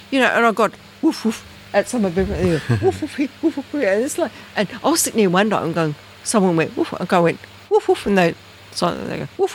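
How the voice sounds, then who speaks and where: Middle-aged woman, storyteller, lively and expressive, high squeaky jumps for quoted voices, faint noise outdoors. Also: rough recording. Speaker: guest storyteller. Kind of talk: casual outdoor chat. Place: outdoors at night in bush.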